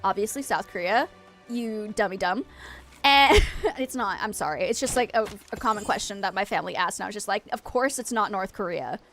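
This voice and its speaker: A woman streaming and chatting casually with her viewers, frank and quick to vent. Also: mid-range voice, a bit bright, faint music behind. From United States.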